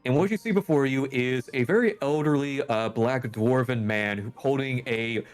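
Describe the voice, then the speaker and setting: A man's voice: mid-range voice, normal speed, clear, resonant tone, soft background music. A man narrating a tabletop role-playing game as game master and calling for dice rolls.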